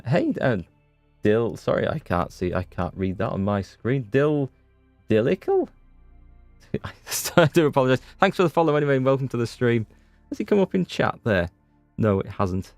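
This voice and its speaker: Low-voiced Northern Irish gamer rambling. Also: male voice, a little mellow, dry recording. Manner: chatty, rambling, self-interrupting. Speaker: gaming streamer. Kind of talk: casual let's-play commentary. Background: faint game music.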